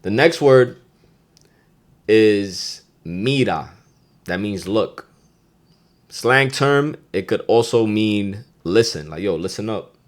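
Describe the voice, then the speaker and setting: A man with a New York accent hosting a podcast, teaching slang in a loose, profane, animated way and getting loud when he acts out phrases. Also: lowish voice, takes it slowly, pauses often. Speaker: podcast host. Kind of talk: casual podcast lesson.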